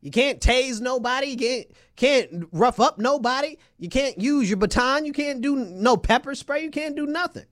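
High-voiced man ranting. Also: lively intonation, normal speed, few pauses, fairly bright tone. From New York State. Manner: emphatic, repetitive, rhetorical questions. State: agitated. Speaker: local political commentator. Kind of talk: angry political rant.

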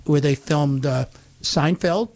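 Man, middle-aged, slightly high voice, chatty storyteller, repeats words. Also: takes it slowly, darkish tone. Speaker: radio show guest. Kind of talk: casual storytelling.

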